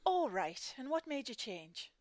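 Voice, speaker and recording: A woman's voice: high voice, sing-song, a little slow, darkish tone, dry recording. A woman playing a dry, sarcastic dating agent with an Irish accent in a comedy sketch.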